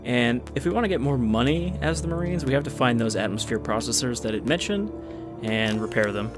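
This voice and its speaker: A man giving casual, relaxed commentary while he plays and explains a strategy game, in an offhand, explanatory way. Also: mid-range voice, fairly quick. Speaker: gaming video host. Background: game music and unit sounds.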